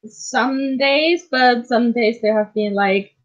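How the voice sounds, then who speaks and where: A woman's voice: fairly high pitch, slow. A woman chatting casually on a livestream while she draws, playful and teasing, laughing often. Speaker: streamer and animator. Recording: dull lo-fi stream audio.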